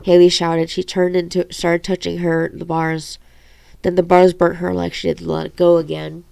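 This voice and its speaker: A woman reading her own novel aloud in a halting way, with stumbles and self-corrections. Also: lowish voice, level tone, creaky, a little mellow, clear, resonant tone, dry recording.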